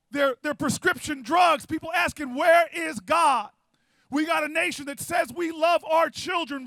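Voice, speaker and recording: Male candidate in his 50s, fiery stump speech, high bright gravelly voice, dry sound. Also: dry recording. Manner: fiery preacher-like oratory, shouting peaks. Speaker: political candidate. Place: large outdoor rally.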